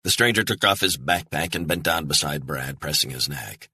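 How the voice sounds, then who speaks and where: Low, husky male audiobook narrator. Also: expressive, bright, forceful tone, no echo, studio quality. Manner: tense, measured storytelling. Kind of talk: scripted thriller narration.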